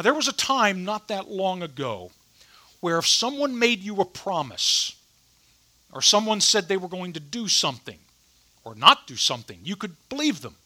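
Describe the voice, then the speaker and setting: Man preaching, bouncy lively voice that swings all over, kinda bright, chatty and joking. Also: high voice. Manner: animated, conversational preaching with humor. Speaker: pastor. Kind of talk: sermon with scripture reading.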